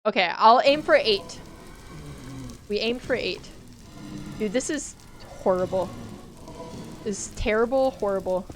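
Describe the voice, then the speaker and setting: A woman's voice: medium pitch, unhurried, pauses often, soft background music. A woman streaming a game live, talking to her chat, jumpy and swearing as she plays. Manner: jumpy, swears, talks to chat while playing.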